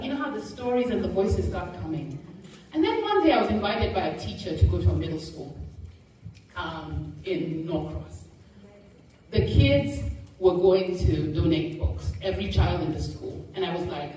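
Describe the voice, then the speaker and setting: Animated woman telling a story in an echoey room. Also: on the low side, normal speed. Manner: animated, laughing, acts out quoted voices. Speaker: motivational speaker. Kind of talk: storytelling talk to a live audience. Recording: echoey room, mic far off, faint noise.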